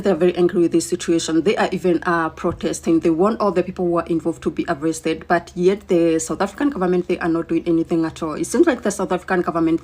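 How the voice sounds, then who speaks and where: A woman's voice: fairly low pitch, a little mellow. A Nigerian woman giving indignant, emphatic news commentary.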